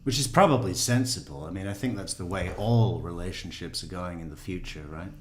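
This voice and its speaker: A man's voice: low voice, a little fast. Rambling, profane male commentator. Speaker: true crime commentator. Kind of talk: casual commentary.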